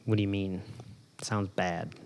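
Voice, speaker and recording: A woman interviewing a guest, talking quietly in casual conversation with short remarks and replies. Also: rumbling low, steady tone, measured pace, vocal fry. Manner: quiet, brief backchannel remarks.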